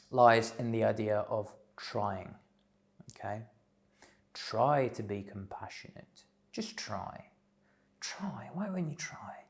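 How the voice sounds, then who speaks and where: A man giving a slow, thoughtful spiritual talk, pausing often with fillers. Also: fairly low pitch, creaky, a little mellow. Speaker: spiritual teacher. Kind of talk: reflective solo talk.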